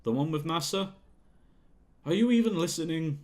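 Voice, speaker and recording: A man's voice: on the high side, animated, moderate pace, a little mellow, natural voice. A man voicing a manipulative, bullying male talent manager who talks down to a young singer, in a video game playthrough. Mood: sneering. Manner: condescending, bullying, sneering.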